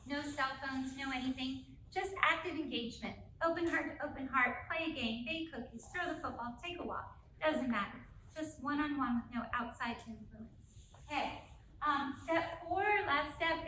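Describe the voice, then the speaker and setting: A woman with a high, bright voice speaks energetically to a live audience about parenting, often checking in with "right?". The sound is roomy and a little distant, with faint room noise behind her. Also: moderate pace. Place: school auditorium. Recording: echoey room, mic from a distance.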